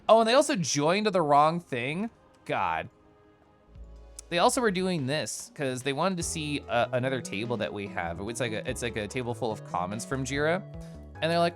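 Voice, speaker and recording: A man in casual stream chat, telling a work story in an animated way, mocking others in quoted voices and laughing often. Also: mid-range voice. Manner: laughs often while talking.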